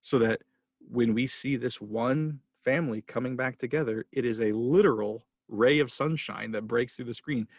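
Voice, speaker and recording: A man's voice: medium pitch, normal speed, breathy edge, no room sound, clean studio sound. A man hosting a casual film podcast, talking passionately and rambling with restarts as he gets emotional. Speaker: podcast host.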